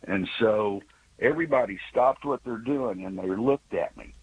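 A man in his sixties calling in to a radio show by phone, telling a story with many halting restarts and fillers. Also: lowish voice, breathy edge, muffled recording. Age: 60s. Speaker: radio caller. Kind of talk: call-in storytelling. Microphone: phone call.

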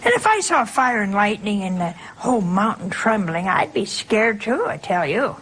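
A woman's voice: mid-range voice, sing-song, normal speed, a bit bright, husky, low-quality recording. An older woman, a nun leading her sisters, giving a conversational religious talk and often asking her listeners rhetorical questions. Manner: chatty, keeps checking in with rhetorical questions.

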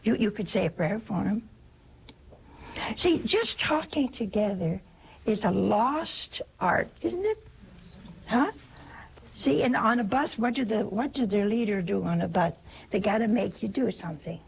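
An older woman from the United States, a religious sister giving an informal spiritual talk in a chatty, anecdotal and gently humorous way. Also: medium pitch, expressive, unhurried, gravelly, long pauses, breathy edge.

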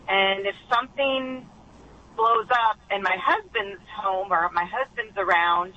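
A woman calling in to an advice show who talks haltingly, with many pauses and restarts. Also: medium pitch, bright, forceful tone. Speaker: caller. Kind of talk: call-in conversation. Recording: dull phone line with faint noise.

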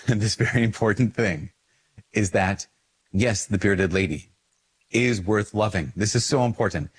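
A man, a priest, talking casually in a video, animated and self-mocking, rambling with fillers. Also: lowish voice, breathy edge. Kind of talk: casual video talk to camera.

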